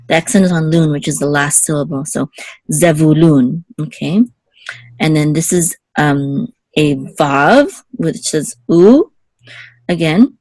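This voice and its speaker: A woman with a low voice gives a patient, relaxed Hebrew lesson. She sounds out each syllable slowly, with plenty of ums along the way. The recording is dry and close, with no room sound. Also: no room sound. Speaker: Hebrew teacher.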